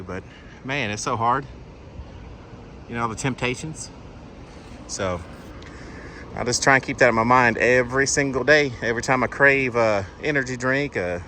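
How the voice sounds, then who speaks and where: A man's voice: mid-range voice, pushed and bright, slight background noise. A man, a truck driver vlogging casually about his day, plainspoken and rambling with sighs and fillers, talking into a handheld phone outdoors. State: out of breath. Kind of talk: casual vlog chat. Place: at a truck and around a loading yard outdoors.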